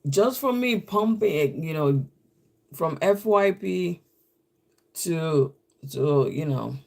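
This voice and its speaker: A man hosting a live stream, rambling through a story in easy, casual talk. His voice is gravelly with plenty of fry, pitched slightly high for a man, and his pace is unhurried. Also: animated.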